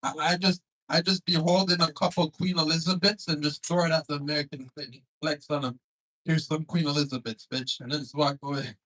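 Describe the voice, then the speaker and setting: Teasing comedy club host, higher voice. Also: male voice, fairly even intonation, brisk, few pauses, bright, forceful tone, poor audio. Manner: teasing, loose and profane. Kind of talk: crowd work and banter.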